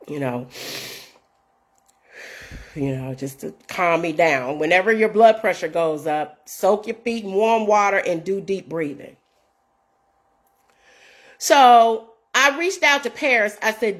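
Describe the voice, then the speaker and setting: A woman in her fifties hosting her own show, telling viewers a story in an earnest, casual way and reading out messages. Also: mid-range voice. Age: 50s. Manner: earnest, addresses viewers as y'all, reads out messages. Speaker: show host.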